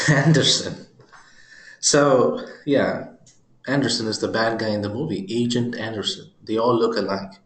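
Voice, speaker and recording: A man giving a screen-recorded software demo, talking his viewers through it with joking, chuckling asides. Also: on the low side, steady tone, normal speed, echoey room. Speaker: software presenter.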